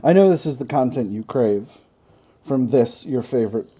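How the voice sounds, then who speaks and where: Guy doing strategy game commentary, super dark mellow voice, kinda husky, rambles and jokes at himself. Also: medium pitch, animated, normal speed. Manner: chatty, thinks aloud, wry self-mocking asides. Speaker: gaming channel host.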